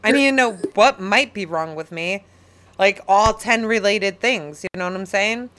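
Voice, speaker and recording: A woman co-hosting a podcast, chatting casually and telling stories in a blunt, animated way. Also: mid-range voice, normal speed, a little hiss or hum. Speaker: podcast co-host. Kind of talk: casual chat.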